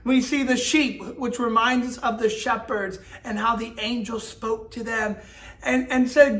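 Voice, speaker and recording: Very high-voiced man teaching children. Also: unhurried. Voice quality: energetic, talking directly to children. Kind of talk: children's Bible lesson with a craft.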